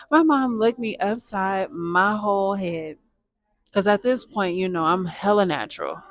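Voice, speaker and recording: A young woman, telling a personal story to viewers in a lively, chatty way. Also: mid-range voice, a little slow, dry recording. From Texas, USA. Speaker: storytime vlogger.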